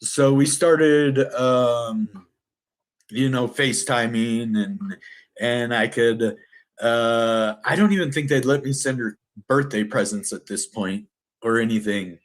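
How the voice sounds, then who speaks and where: A man's voice: mid-range voice, takes it slowly. Earnest rambling middle-aged man. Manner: rambling, restarts and self-corrections; earnest and emotional. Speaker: vlogger telling his life story. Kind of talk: casual personal storytelling.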